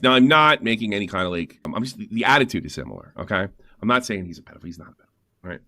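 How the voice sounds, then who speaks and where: Brief: man, live-stream host, rambling storyteller, bright tone, animated pitch. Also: racing. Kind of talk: casual live-stream talk.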